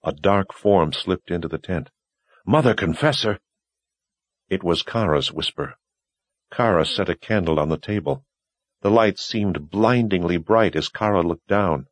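Deep-voiced male audiobook narrator. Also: normal speed, dry recording. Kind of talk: scripted narration.

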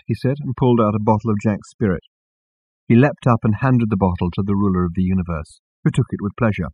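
A man narrating an audiobook in a calm, measured storytelling manner. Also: lowish voice, husky, no room sound, highs cut off. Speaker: audiobook reader. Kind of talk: scripted narration.

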